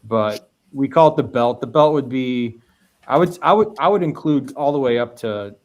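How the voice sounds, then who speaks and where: A man's voice: medium pitch, expressive, moderate pace, darkish tone. Rambling man on a podcast. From Northwest Indiana. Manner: rambling, repeats words and restarts often. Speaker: guest meadery owner. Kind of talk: casual podcast conversation.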